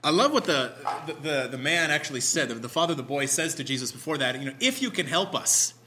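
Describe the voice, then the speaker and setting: A man leading a prayer, reading scripture aloud and preaching in a conversational, animated way with self-deprecating asides. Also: medium pitch, fast, noisy background. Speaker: pastor.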